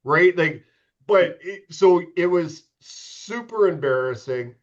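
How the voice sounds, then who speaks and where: A man's voice: a little high, lively intonation, slow, highs cut off. A middle-aged man, a former pro goalie, telling candid, profane stories as a podcast guest. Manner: profane, candid, self-mocking. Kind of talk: casual storytelling.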